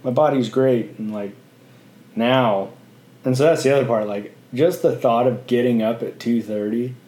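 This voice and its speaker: A man in his late twenties co-hosts a casual podcast, cracking dry jokes and rambling through his points. His voice sits at an ordinary pitch for a man. The room is echoey. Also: moderate pace, darkish tone. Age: 20s. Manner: joking, rambling with restarts. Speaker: podcast co-host. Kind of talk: casual chat.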